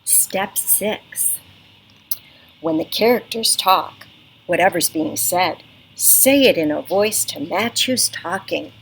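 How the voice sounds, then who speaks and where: Her voice is lowish, creaky and breathy-edged, and she reads slowly: a woman librarian sharing a picture book with children on a front porch in an animated, teacherly, coaxing storytime. The low-quality recording comes from a computer webcam, with neighborhood sounds behind her.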